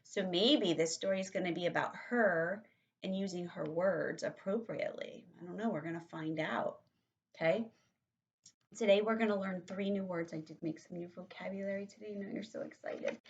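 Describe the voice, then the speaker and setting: A woman who is a kindergarten teacher, giving a vocabulary lesson to young children in a slow, encouraging way and often checking with "right?". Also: lowish voice, muffled recording. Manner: slow, encouraging, with lots of rhetorical questions.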